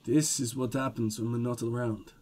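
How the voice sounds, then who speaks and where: An actor playing a reserved police lieutenant, speaking quietly and evenly. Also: male voice, on the high side, lively intonation, breathy edge. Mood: dry. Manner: measured, quiet.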